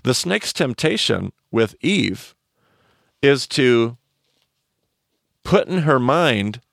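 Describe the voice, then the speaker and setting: A man's voice: medium pitch, very animated, measured pace, vocal fry, fairly bright tone, no room sound, clean studio sound. A man teaching on a podcast, explaining a story and quizzing his cohost with questions.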